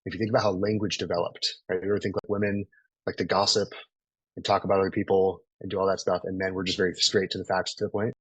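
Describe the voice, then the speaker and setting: A man's voice: sits low, little pitch movement, fast, husky, no echo, poor audio. A man in his thirties coaching a group in a live online training, casual and profane, always checking in with "right?". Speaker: sales coach.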